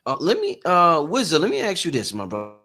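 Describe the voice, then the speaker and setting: A man's voice: a little high, brisk, a little hiss or hum. Upbeat man hosting a live stream. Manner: energetic, addresses viewers as y'all. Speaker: host.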